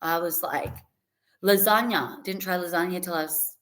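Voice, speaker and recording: Low-voiced young woman telling stories. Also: moderate pace, fairly bright tone. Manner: chatty storytelling, laughs often. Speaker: podcast guest. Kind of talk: casual interview chat.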